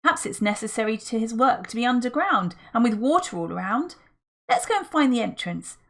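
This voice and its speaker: A woman's voice: on the high side, sing-song, a little fast, a bit bright, voice pushed up, heavily acted. A woman reading the part of an eager, practical boy who keeps suggesting what to do next.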